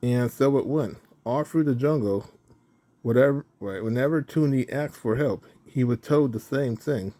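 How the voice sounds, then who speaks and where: A man reading a children's storybook aloud in a mellow, warm voice. He often stops to fix a slip and then carries on. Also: medium pitch, moderate pace, slight background noise. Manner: self-correcting reading with restarts.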